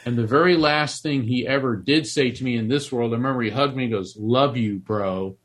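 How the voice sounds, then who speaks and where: A middle-aged man from Florida, an author and medium, telling a personal story in an interview with earnest, animated restarts. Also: medium pitch, quick pace. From Florida, USA.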